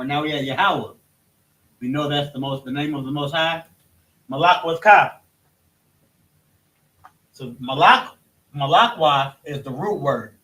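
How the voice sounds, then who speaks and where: A man's voice: on the high side, sharp tone. A man teaching a Bible lesson at a marker board, explaining step by step with frequent restarts and self-corrections. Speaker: religious study teacher. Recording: roomy echo, voice from a distance.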